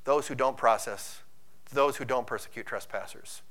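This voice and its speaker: A man preaching a sermon who quotes scripture and acts out inner voices, swinging between hushed, intimate lines and loud, urgent preaching. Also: medium pitch, normal speed. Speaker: pastor.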